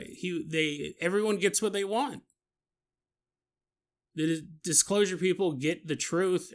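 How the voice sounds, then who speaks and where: A male podcast host rambles through his story in a chatty, animated way, laughing between asides. His voice sits high for a man and rings bright and forceful. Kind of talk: casual storytelling monologue.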